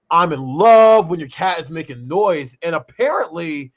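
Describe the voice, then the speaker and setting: A man co-hosting a casual chat show, animated and rambling, leaning on fillers like "though" and "brother". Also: a little high, normal speed, hardly any pauses. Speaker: co-host. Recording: dull lo-fi sound.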